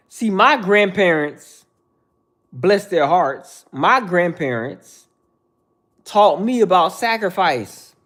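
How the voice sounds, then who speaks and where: A man in his thirties hosting a livestream, bluntly lecturing viewers in the chat with repetitive slang. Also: high-pitched. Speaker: livestream host. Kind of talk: casual livestream rant.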